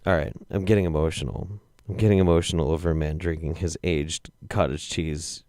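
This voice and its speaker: A young man hosting a comedic video roundup, reacting with profane, exasperated commentary that swings between low mutters and loud outbursts. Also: fairly even intonation, a little fast, dry recording. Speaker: show host.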